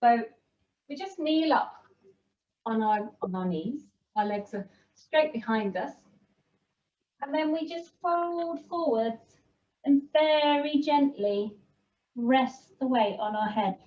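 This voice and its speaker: Slow, gentle woman teaching kids' yoga. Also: sits high, animated, recorded from a distance, highs cut off. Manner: gentle, encouraging instructions to children. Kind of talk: guiding a kids' yoga class.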